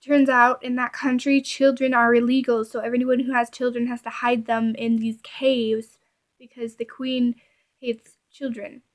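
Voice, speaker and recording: A woman's voice: a little high, level tone, unhurried. Chatty rambling young woman vlogger. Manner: chatty, rambling, lots of filler words. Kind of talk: rambling casual vlog chat.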